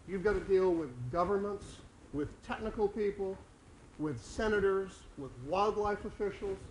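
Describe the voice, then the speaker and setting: A man's voice: high-pitched, moderate pace, a little hiss or hum. A man giving a conference talk on leadership, emphatic and full of rhetorical questions to the audience. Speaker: speaker.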